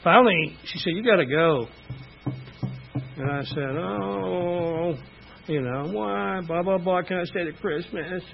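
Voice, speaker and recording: At a recovery meeting, a middle-aged man shares a frank, meandering personal story, peppering it with "you know." His voice is high and unhurried with vocal fry, and the lo-fi recording carries faint background music.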